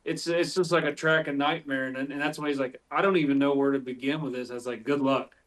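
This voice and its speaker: A man's voice: medium pitch, fairly even intonation, fast. A man from West Virginia, a podcast guest, telling tracking stories in a rambling way full of fillers. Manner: rambling, filler-heavy storytelling. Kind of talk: casual chat.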